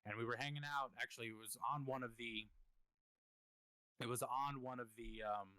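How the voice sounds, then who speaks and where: Earnest man explaining, bright voice. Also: mid-range voice, steady tone, normal speed, smooth, dry recording, low-quality recording. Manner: earnest, explains at length, profane, restarts phrases. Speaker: podcast host. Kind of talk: casual chat.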